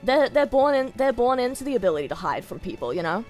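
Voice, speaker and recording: An Australian woman chats on a stream in a high, bouncy voice that swoops up and down, breaking into giggles as she drifts from one tangent to the next. Soft music plays faintly behind her. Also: sing-song, quick pace. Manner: giggly, chatty, rambling tangents. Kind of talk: casual stream chat.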